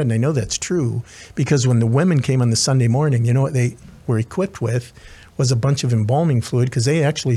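Husky-voiced male chaplain preaching. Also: medium pitch, warm tone. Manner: earnest storytelling, many restarts and asides. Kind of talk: sermon.

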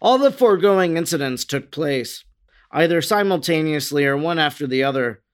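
A man's voice: a little high, animated, normal speed, clear, resonant tone. Solemn male scripture-style narrator.

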